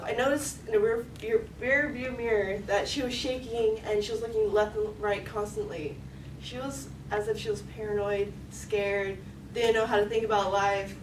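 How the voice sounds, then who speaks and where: A young woman tells a story on stage in a chatty way, with lots of "like" and acted-out quotes. She is recorded from a distance in a roomy, echoing hall, with clear background noise behind her. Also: medium pitch. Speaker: story slam performer. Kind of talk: live personal storytelling. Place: event hall.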